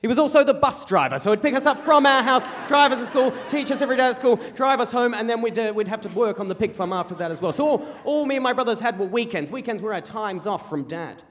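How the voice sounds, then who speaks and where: An Australian man tells a comic story about his own life to a live theater audience. His voice sits high and the words come fast, with playful repetition. A long reverb from the hall trails behind each line. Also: a little hiss or hum. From rural South Australia. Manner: animated, comic, quick with repeated phrases. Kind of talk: live personal storytelling on stage.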